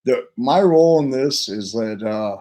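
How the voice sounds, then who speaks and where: Man, podcast guest, halting, emotional, self-deprecating, mid-pitched voice. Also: lively intonation, mellow. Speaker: guest witness.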